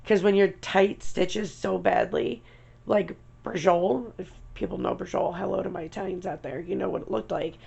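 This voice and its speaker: A woman's voice: mid-range voice, gravelly, darkish tone, breathy edge. A young woman from New York, a denture vlogger, talking to camera in a blunt, chatty, rambling way with asides and mild swearing. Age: young adult. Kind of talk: casual chat to camera.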